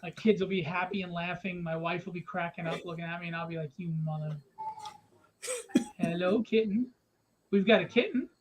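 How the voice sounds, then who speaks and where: A man's voice: high-pitched, fast, hardly any pauses. Joking man chatting on a lo-fi stream. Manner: joking, teasing and exaggerated. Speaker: live stream host. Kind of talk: casual live-stream chat. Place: at home. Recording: dull lo-fi stream audio with faint noise.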